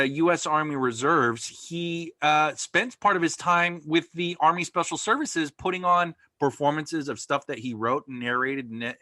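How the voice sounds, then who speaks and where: Bright upbeat guy cohosting a podcast, jokey and loose, dry close mic. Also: on the high side, no echo. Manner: playful, jokey banter. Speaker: podcast co-host. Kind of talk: casual chat.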